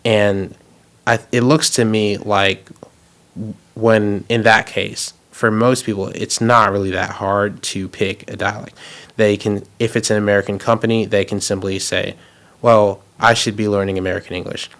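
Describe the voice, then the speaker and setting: A man hosting a podcast, explaining his points in a measured, thoughtful way. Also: on the low side, level tone, fairly bright tone. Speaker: podcast host. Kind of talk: podcast conversation.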